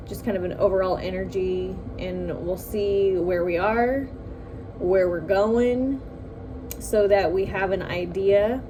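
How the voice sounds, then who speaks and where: A woman's voice: mid-range voice, background noise. A woman doing a tarot reading for her viewers, chatty and musing, often breaking into giggles. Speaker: tarot reader.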